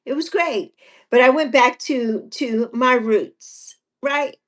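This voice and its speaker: This is a high-pitched, slow-speaking woman in her sixties hosting a casual livestream. She chats and repeats herself, reads viewer comments aloud and laughs frequently.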